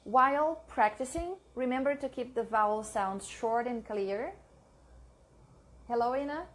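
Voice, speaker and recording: Slow, careful woman reading study notes. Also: fairly high pitch. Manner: reads notes aloud, pausing to correct her own mix-ups; repeats and drills words slowly. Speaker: language learner sharing study notes. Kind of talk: slow read-aloud study session.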